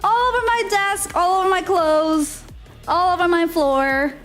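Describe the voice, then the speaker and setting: A woman with a very high voice tells a story on a live stream. She is giggly and animated, acting out the people in it with quick changes of tone. Soft music plays faintly behind her.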